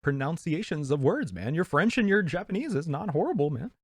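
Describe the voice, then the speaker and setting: A man's voice: on the high side, sing-song, a little fast, no room sound, clean studio sound. A man co-hosting a movie podcast, chatting casually, laughing easily and often repeating himself. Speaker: podcast co-host. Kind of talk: casual movie review chat.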